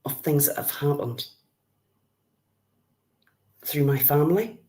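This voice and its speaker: Northern Irish woman, middle-aged, low voice, friendly live-stream chatter. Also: expressive, slow pace, warm tone. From Northern Ireland. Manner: chatty, greets viewers by name, calls them love. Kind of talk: casual live-stream chat with viewers.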